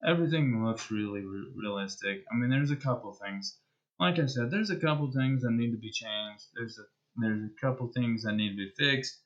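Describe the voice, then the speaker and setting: A man's voice: mid-range voice, moderate pace, lo-fi sound. A man streamer chatting casually as he wraps up a live game stream, rambling and hesitant with many restarts.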